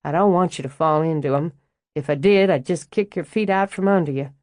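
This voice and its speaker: A woman's voice: deep voice, brisk, darkish tone, no echo, lightly acted. A woman voicing a blunt, confident male landscaper who teases in a dry, direct way. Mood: teasing.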